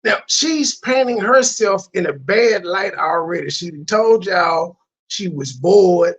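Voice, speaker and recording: A man's voice: high voice, animated, slow pace, a bit bright. A man hosting a reaction commentary, ranting with profane disbelief. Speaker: commentary channel host.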